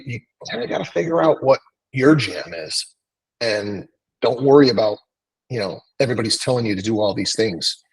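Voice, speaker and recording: A man's voice: fairly low pitch, husky, poor audio. A man hosting a real estate training call, talking loosely and casually with many fillers. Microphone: video call.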